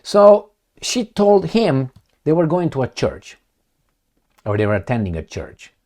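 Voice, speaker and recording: A man's voice: a little high, big pitch swings, measured pace, a little mellow. A man giving blunt, sarcastic political commentary with some swearing, talking straight to the viewer. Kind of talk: opinionated commentary monologue.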